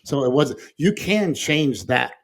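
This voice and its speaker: Man, middle-aged, podcast guest, casual storytelling, animated, chuckles, average pitch. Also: unhurried. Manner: animated storyteller who acts out quoted voices, with frequent fillers and chuckles.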